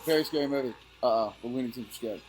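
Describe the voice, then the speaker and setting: A young man co-hosting a casual sports podcast, excitable and quick to quote old movie lines. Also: mid-range voice, slight background noise. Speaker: podcast co-host.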